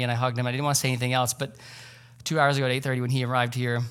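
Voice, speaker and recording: A man's voice: medium pitch, steady tone, quick pace, a bit bright, smooth. Casual, conversational man preaching. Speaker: pastor. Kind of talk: sermon. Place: church sanctuary.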